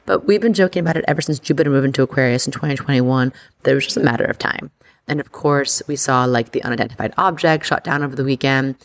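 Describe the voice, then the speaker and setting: A woman hosting an astrology podcast, talking in a chatty, excitable way full of "like". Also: extremely low pitch, fast talker. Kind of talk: casual podcast monologue.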